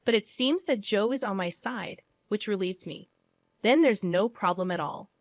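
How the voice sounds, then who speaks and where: A woman narrating a first-person family story in an even, measured way. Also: mid-range voice, dry recording.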